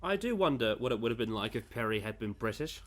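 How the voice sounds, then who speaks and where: Brief: male co-host, casual and wry, mid-pitched plain voice. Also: big pitch swings, quick pace, a bit bright. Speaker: reaction video co-host. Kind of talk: casual reaction chat.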